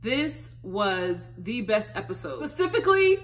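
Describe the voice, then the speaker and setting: A woman's voice: mid-range voice, sing-song, unhurried, a bit bright. A woman vlogger recapping a reality show in casual, gossipy commentary, laughing often and recording on her phone.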